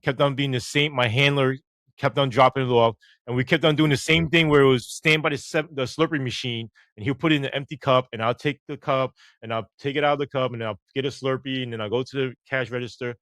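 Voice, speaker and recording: A middle-aged man, a former police officer telling stories in an interview, animated and swearing casually as he acts out the dialogue. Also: mid-range voice, fast, no echo. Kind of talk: storytelling interview.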